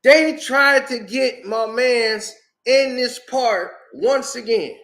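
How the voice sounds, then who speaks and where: High-voiced, animated storytelling man. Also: takes it slowly, roomy sound. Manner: animated, acts out quotes, laughs often. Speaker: host. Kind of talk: casual storytelling commentary.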